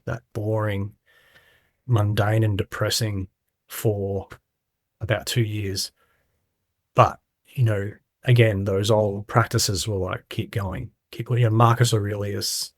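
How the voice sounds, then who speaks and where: A man's voice: fairly low pitch, level tone, takes it slowly, no room sound, clean studio sound. A middle-aged man candidly recounting his story in a casual interview, acting out quoted voices as he goes. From Australia. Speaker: guest.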